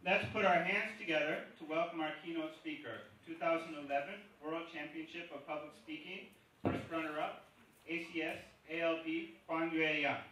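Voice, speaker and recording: A man's voice: fairly high pitch, fairly even intonation, moderate pace, bright, forceful tone, slight background noise. A man emceeing a conference, formally announcing the keynote speaker and his titles. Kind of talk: introducing a speaker. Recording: echoey hall from a distant mic.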